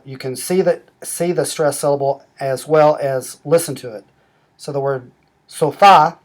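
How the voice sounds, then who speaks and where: A middle-aged man walking through a language-learning app step by step, explaining rules slowly and methodically. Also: a little high, darkish tone. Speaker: app demonstrator. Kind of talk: screen-recorded app tutorial.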